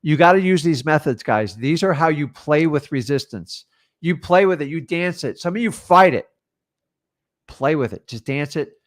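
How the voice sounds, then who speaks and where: A man's voice: a little high, animated, moderate pace. A man coaching a class on real estate deals, talking in punchy, direct bursts and acting out sample lines with sellers. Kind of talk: live training talk.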